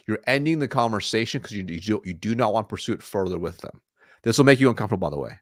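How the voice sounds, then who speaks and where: Male sales coach, low register, dry close mic, patient instructive delivery. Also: no room sound. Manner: instructive, demonstrates calm flat phone lines. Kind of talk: coaching role-play on a podcast.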